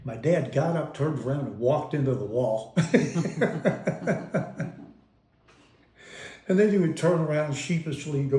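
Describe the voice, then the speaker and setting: A man in an interview wanders through old family memories, breaking off and restarting sentences with an amused, chuckling ease. His voice sits at a mellow, warm tone of middle pitch. The recording carries a roomy echo around him. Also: slow, pauses often. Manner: rambling, self-interrupting, amused storyteller. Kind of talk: casual reminiscing.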